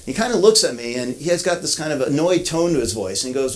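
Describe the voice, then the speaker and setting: A man's voice: mid-range voice, lively intonation, quick pace, poor audio. A man from Connecticut giving a ceremony speech, telling a story with many restarts and repeated words. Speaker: event speaker. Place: outdoor ceremony.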